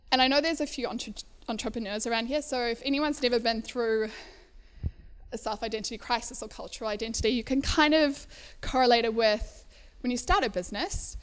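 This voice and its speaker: Chatty woman with a higher voice. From South Africa. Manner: chatty, laughing often, many fillers. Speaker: speaker at a storytelling event. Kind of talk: personal talk to a live audience. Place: indoor event venue.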